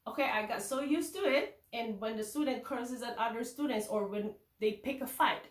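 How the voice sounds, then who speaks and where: A woman teacher from the Philippines with a Filipino accent, giving animated tips to fellow teachers, asking and answering her own questions. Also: a little high, echoey room, distant mic. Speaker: kindergarten teacher.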